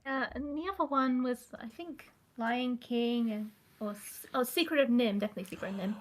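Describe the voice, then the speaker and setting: A woman's voice: a little high, fairly quick. A woman chatting casually on a stream, giggling and eagerly retelling film scenes. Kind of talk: casual chat.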